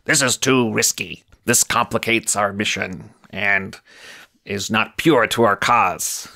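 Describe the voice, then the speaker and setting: A man's voice: on the low side, fairly even intonation, slow pace, creaky, pushed and bright, exaggerated voice. A man voicing a proud, stern Martian rebel captain who speaks in formal, indignant pronouncements.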